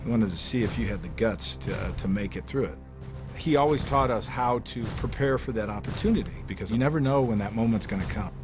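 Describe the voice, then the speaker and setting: An older man, a former player, recounting his memories in an interview with animated, halting delivery and many fillers. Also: lowish voice, over music. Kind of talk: interview storytelling.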